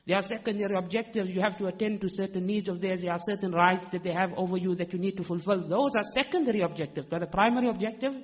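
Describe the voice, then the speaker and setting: A man preaching a sermon, emphatic, posing rhetorical questions and answering them himself. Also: high-pitched. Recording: dull echoey hall recording.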